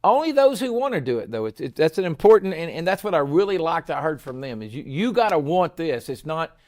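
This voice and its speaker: Male school head, rambling casual host, higher-pitched. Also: big pitch swings, brisk, a little mellow. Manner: rambling, repeats words, folksy. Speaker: school superintendent, show host. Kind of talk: casual chat.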